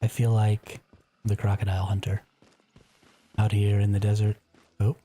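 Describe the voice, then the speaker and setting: A man's voice: lowish voice, level tone, normal speed, pauses often, mellow. A man streaming a survival game live, chatting casually, reacting aloud and answering his viewers. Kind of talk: casual live gameplay commentary.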